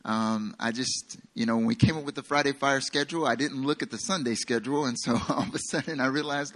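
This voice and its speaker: Speaking quickly with few pauses, a male pastor with a Southern American accent delivers his sermon in a mid-range, slightly bright voice. He keeps things casual and self-deprecating, joking with his congregation along the way.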